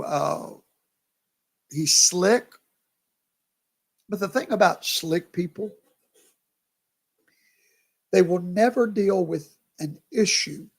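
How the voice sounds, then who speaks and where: Male pastor, worn out, drawling slow with a gravelly edge, chatty with his viewers. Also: fairly high pitch. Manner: chatty, talks to viewers by name. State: tired, yawning. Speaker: pastor hosting a livestream. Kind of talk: casual live commentary.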